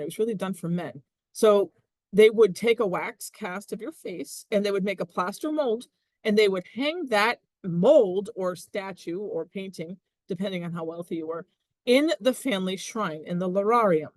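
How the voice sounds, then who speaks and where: A woman teaching a Latin text in a chatty, animated way, with frequent laughs. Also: mid-range voice, no room sound. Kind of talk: casual classroom explanation.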